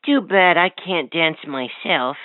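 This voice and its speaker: A bouncy, sing-song talking toy. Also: female voice, fairly low pitch, dry recording, heavily acted. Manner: bouncy sing-song quizzing, eager and playful. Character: cheerful chatty talking toy, playful and teasing. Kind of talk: toy voice lines. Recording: tinny, dry toy speaker audio.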